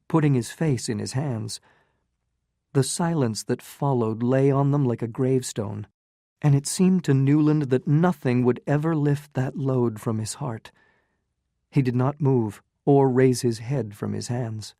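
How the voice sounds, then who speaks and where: Male audiobook narrator for learners; measured, slow, warm-toned read. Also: mid-range voice, gravelly, no room sound, clean studio sound. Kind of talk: slow graded-reader narration.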